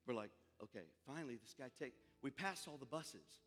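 A male preacher telling a lively, comic story in a sermon, in a large hall with faint music and a long reverb. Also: mid-range voice, brisk.

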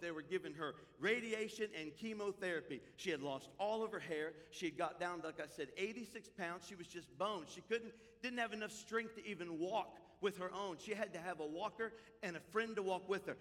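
A man preaching a sermon as pastor, impassioned, swinging between loud proclamations and hushed storytelling. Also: high voice, big-room sound.

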